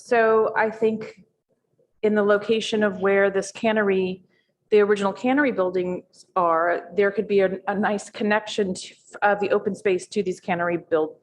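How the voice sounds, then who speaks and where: A woman on a city board giving her comments in a public meeting, thoughtful and hesitant with frequent pauses and restarts. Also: medium pitch, steady tone. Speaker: board member.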